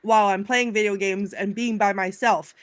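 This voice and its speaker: A woman's voice: mid-range voice, steady tone, moderate pace, no room sound. A woman co-hosting a casual panel show, talking in a wry, self-deprecating way over a video call. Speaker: co-host.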